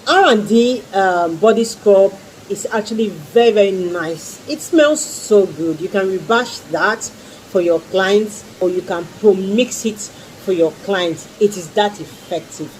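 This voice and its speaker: A woman's voice: mid-range voice, unhurried, a little mellow, a little hiss or hum, low-quality recording. A woman reviewing skincare products in a casual vlog, gushing and repeating her exclamations and pleas. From Nigeria. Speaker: skincare vlogger.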